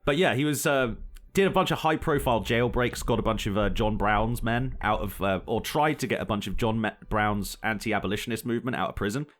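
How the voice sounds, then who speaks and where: A young man co-hosts a casual podcast and tells stories with lively energy. He breaks into laughter often between points. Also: on the low side, brisk, hardly any pauses. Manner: laughs often, animated storytelling. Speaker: podcast co-host. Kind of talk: casual chat.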